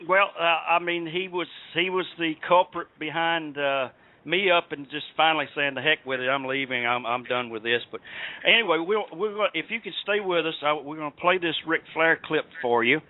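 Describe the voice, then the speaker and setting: A man's voice: on the high side, normal speed. A man with a Southern US accent hosting a radio show, telling rambling stories with lots of fillers. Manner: rambling, storytelling with many fillers. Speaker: podcast host. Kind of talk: casual radio chat. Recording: dry tinny phone-quality line.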